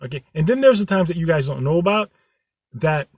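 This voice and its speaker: A man's voice: on the high side, expressive, fairly quick, a little mellow, breathy edge, no room sound, clean studio sound. A man hosting his own channel, talking to his viewers earnestly and rambling, with many restarts. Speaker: channel host. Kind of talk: candid vlog talk to viewers.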